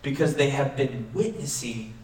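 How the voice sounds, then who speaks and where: A man's voice: mid-range voice, expressive, moderate pace, a little mellow. Conversational man preaching in echoey hall. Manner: conversational, asks rhetorical questions. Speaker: pastor. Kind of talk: sermon. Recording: echoey room, mic far off.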